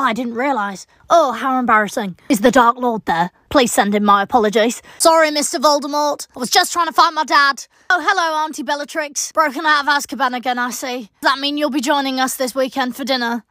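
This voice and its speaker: A woman's voice: high-pitched, fairly bright tone, dry recording, studio quality. A woman playing a prim, spoiled schoolboy. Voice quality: prim, overly polite. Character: spoiled, polite-snobbish schoolboy on the phone. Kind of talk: comic sketch monologue.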